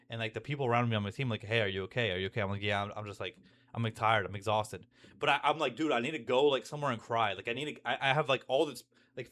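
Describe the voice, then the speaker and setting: A man's voice: medium pitch, a bit bright. A young man in a candid, rambling monologue about his own feelings, full of restarts and fillers. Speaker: vlogger.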